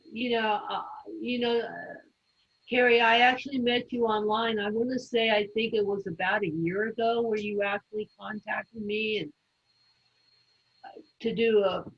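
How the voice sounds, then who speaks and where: A woman hosting an interview over a video call, relaxed and full of fillers. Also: fairly high pitch, breathy edge, muffled recording. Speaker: interviewer host.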